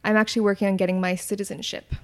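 A woman's voice: medium pitch, little pitch movement, very fast. A Canadian woman in her late twenties, chatting casually and giggly as a podcast guest, full of likes and self-deprecating asides. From Canada, near Toronto. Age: late 20s. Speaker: guest, content creator.

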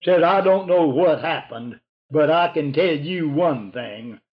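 A man's voice: fairly high pitch, lively intonation, measured pace. An older man, telling a hunting story in a rambling, folksy oral-history style. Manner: folksy, rambling, drops to a hushed voice for whispered lines. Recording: dull lo-fi recording.

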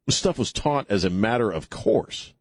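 A lowish, animated voice at normal speed belongs to a middle-aged man hosting a call-in show in a radio studio, captured in a dry recording. He rambles sarcastically through a casual talk radio monologue, often restarting what he says.

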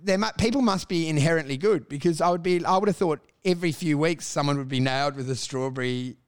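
An Australian man talks in loose comedic banter on a podcast. His voice sits high for a man, and he swears freely and launches into loud acted-out bits. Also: fast, smooth. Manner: animated, swearing, bursts into shouted bits. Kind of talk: casual comedic chat.

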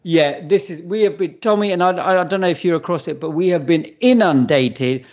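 A man's voice: on the high side, a little fast, darkish tone, dull audio. A man co-hosting a podcast in casual banter, teasing his co-host and steering the talk.

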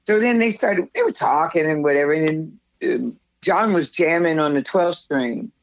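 A woman guest telling stories in a casual interview, lively and acting out what others said. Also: low voice, normal speed, no echo. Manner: animated storyteller, acts out others' lines. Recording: dull lo-fi recording.

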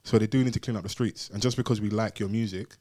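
A man's voice: fairly low pitch, steady tone, fast, a little mellow. A young man co-hosting a podcast in casual, joking chat. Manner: joking, playful banter with frequent laughs. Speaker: podcast co-host.

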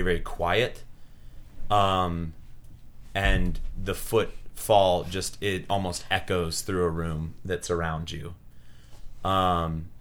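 A young man narrating as game master of a tabletop game, relaxed and halting, with many fillers. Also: deep voice, a little hiss or hum.

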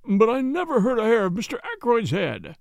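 A man's voice: high-pitched, wildly swooping pitch, normal speed, creaky, darkish tone, no echo, voice pushed up, full character voice. A man doing a stammering, nervous butler. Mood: pleading. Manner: stammering, pleading, deferential. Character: anxious, cringing middle-aged English butler. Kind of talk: audiobook character voice.

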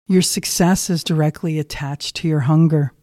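A woman's voice: low-pitched, fairly even intonation, moderate pace, warm tone, no room sound, clean studio sound. A woman giving a motivational talk, telling a workplace story in a conversational way and asking listeners direct questions. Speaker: motivational speaker.

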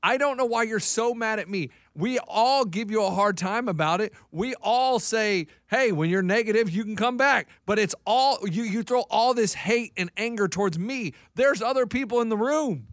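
A man's voice: sits high, lively intonation, moderate pace, few pauses, no room sound, studio quality. A man on a radio show, arguing back in an exasperated, insistent way, often stammering as he restarts. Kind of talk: bantering radio talk.

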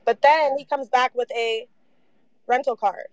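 A young woman telling her story in a casual interview, animated, saying "like" a lot and swearing freely. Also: a little high, measured pace, dry recording, low-quality recording.

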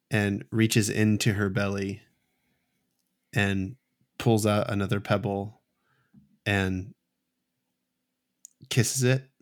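A man narrating as game master of a tabletop game, telling the scene slowly with halting restarts. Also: fairly low pitch, gravelly. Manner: slow, halting storytelling with many restarts.

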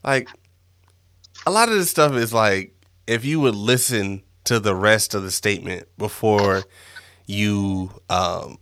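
A man co-hosting a podcast in casual chat, easygoing and halting, with many fillers and restarts. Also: fairly low pitch, a bit bright, no echo. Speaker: podcast co-host.

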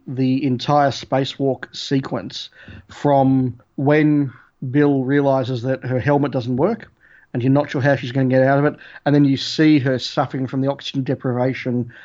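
A man's voice: mid-range voice, flat delivery, a little mellow. Man on a podcast, dull lo-fi sound. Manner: measured, thoughtful. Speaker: podcast co-host. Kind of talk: casual review chat. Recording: dull lo-fi audio.

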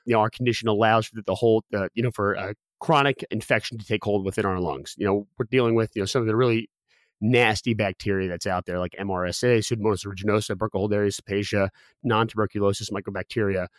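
A man in his thirties, a podcast guest, telling a personal story quickly with many restarts and fillers. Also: lowish voice, steady tone, no room sound. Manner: rapid, with frequent restarts and fillers.

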